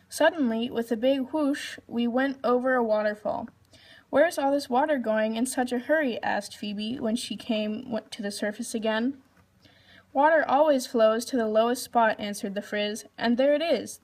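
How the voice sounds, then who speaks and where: A woman's voice: a little high, moderate pace. A woman reading a children's storybook aloud, lifting her voice for the characters' lines. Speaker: reader.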